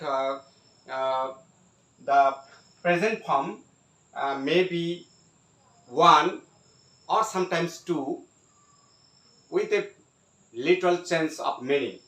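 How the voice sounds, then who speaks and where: Slow, halting man teaching grammar. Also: fairly high pitch, a bit bright. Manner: slow, halting, many fillers and repeated phrases. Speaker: English teacher. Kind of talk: grammar lesson. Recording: echoey room, mic at a distance.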